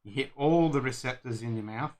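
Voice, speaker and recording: An Australian man co-hosting a casual whisky tasting, agreeable and quick to chime in. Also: medium pitch, a little mellow. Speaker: whisky show co-host.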